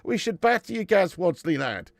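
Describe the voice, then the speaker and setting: A man's voice: sits high, very animated, moderate pace, creaky, no room sound. A man hosting a football watch-along stream, bantering with chat, swearing and laughing as he reads messages aloud. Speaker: livestream host.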